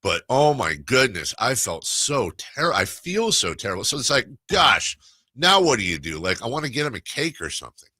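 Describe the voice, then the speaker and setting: A man's voice: medium pitch, big pitch swings, normal speed, bright, forceful tone, husky, dry recording. A man hosting a sports radio talk show, telling a rambling story in casual chat with many restarts. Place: radio studio.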